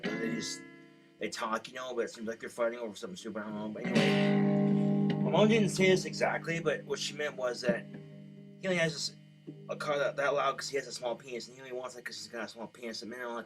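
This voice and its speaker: A man's voice: medium pitch, rough recording. A man delivering a rambling, crude comedic rant as a vlogger. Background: guitar music.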